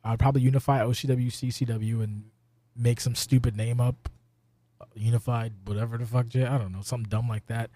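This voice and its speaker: A man's voice: mid-range voice, flat delivery, brisk, dark tone, no room sound. A man hosting a podcast, talking loosely and profanely, rambling with sudden exasperated outbursts. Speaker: podcast host. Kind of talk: casual podcast chat.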